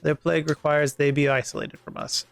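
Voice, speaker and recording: A man reading a courteous male city guide's formal lines in a slow, stately way. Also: a little high, creaky, a bit bright, no room sound, soft background music.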